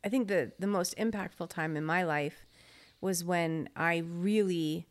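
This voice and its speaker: A middle-aged woman's voice, on the low side and a little slow, carries this casual faith podcast chat. As co-host, she teases easily and laughs often.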